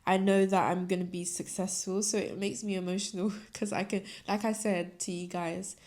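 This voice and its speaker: In her casual solo podcast, a young woman speaks at a moderate pace in a medium-pitched, slightly mellow voice that barely moves in pitch. She rambles candidly with plenty of fillers like "like," and is tearful, crying at times.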